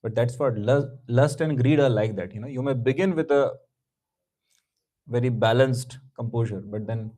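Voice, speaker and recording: A man's voice: medium pitch, moderate pace, warm tone, low-quality recording. A man teaching a scripture class, telling a story conversationally with many asides and chuckles. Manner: conversational, lots of "you know", chuckling.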